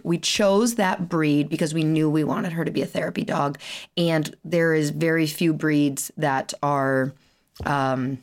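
A tired woman hosting her own podcast in a chatty, animated way, laughing often and swearing casually. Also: lowish voice. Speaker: podcast host and chiropractor. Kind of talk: casual solo podcast chat.

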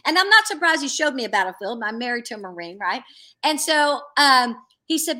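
A middle-aged woman sharing a personal faith testimony in earnest, animated storytelling, acting out what others said. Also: high voice, a little fast. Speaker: guest.

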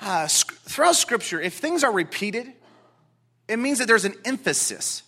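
A man preaching a sermon to a congregation in an animated, emphatic way, repeating words for stress. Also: sits high, normal speed. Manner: excitable, talks directly to congregation. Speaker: pastor.

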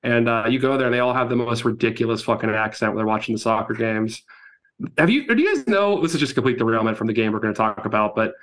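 Male co-host, casual sports chat, animated and profane, mid-pitched voice. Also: fast talker. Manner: animated storytelling, swears freely. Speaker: podcast co-host. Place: New York.

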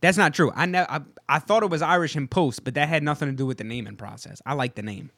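A man co-hosting a podcast, cutting in with quick, profane jokes in casual banter. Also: fairly high pitch, dry recording, studio quality. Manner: quick interjections, profane joking, lively. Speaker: podcast co-host.

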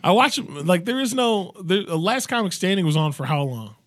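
A man's voice: high-pitched, animated, moderate pace, fairly bright tone, dry recording. A man in his thirties co-hosting a podcast in casual comedic chat, riffing crudely and swearing often. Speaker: podcast co-host.

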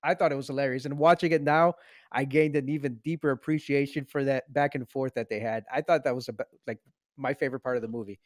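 A man's voice: medium pitch, fast talker, dry recording. Fields: Sex: man. Role: podcast co-host. Style: laughing movie-review chat, dry close sound. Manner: animated, mock-serious, laughs often.

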